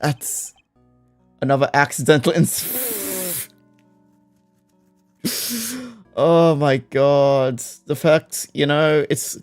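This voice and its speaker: A man streaming a video game, reacting loudly with profanity and frequent laughter in casual commentary. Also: a little high, extremely slow, pauses often. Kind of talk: casual let's-play commentary. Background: faint background music.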